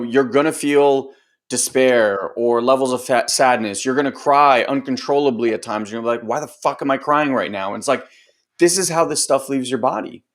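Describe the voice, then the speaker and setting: A male coach talking through a casual group training session in a loose, rambling way. He swears now and then, leans on fillers like "like" and "right," and slips into other people's voices when he quotes them. His voice sits at an average pitch for a man. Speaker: host and personal growth coach.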